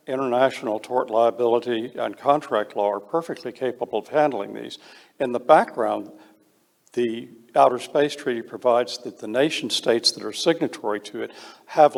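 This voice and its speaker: A man's voice: medium pitch, vocal fry, in a large hall. A man speaking on a panel, blunt and emphatic, with frequent hesitations. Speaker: panel speaker on space law. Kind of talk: panel discussion.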